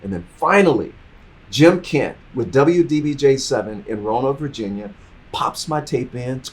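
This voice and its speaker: A middle-aged man telling his career story in an interview, acting out the people in it and swinging from quiet asides to loud, excited bursts. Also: normal speed, a little hiss or hum. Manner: animated, acts out dialogue, swings from low asides to loud bursts. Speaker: interview guest.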